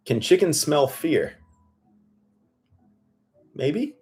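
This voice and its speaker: A hoarse male farmer hosting a casual livestream Q&A, blunt and profane, rambling with lots of fillers. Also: on the high side, sing-song, very slow, a little mellow. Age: adult with children. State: losing his voice, hoarse.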